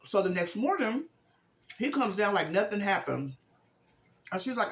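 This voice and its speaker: Man, high voice, casual vlog recap, chatty rambling storyteller, roomy echo. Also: animated, a little fast, a bit bright. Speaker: vlogger.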